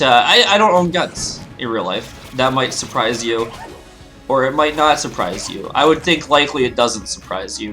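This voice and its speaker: A man's voice: mid-range voice, bright, forceful tone. A young Canadian man rambling casually while playing a video game, breaking into goofy exclamations. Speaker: gaming video host. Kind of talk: casual let's-play commentary.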